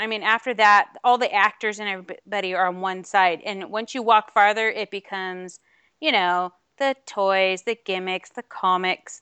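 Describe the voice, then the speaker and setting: A woman's voice: medium pitch, pushed and bright, clear, resonant tone, no echo. A woman co-hosting a podcast, telling a rambling, chatty story with lots of fillers in casual chat. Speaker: podcast co-host.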